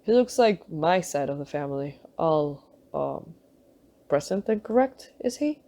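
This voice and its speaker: A woman's voice: low-pitched, expressive, measured pace, vocal fry, warm tone, full character voice. A woman reading aloud, voicing a mild and doubtful middle-aged accountant who speaks hesitantly. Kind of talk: audiobook character reading.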